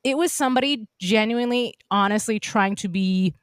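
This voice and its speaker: A woman with a mid-range voice tells stories in relaxed podcast chat. She slips into other people's voices when she quotes them, and she is recorded close and dry. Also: mid-range voice, moderate pace, clean tone, no room sound. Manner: storytelling, acts out quoted voices. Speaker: podcast host. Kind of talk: casual chat.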